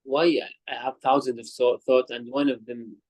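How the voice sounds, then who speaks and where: A man's voice: mid-range voice, little pitch movement, a little mellow, no room sound, rough recording. Hesitant man asking questions. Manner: hesitant, halting, laughs shyly.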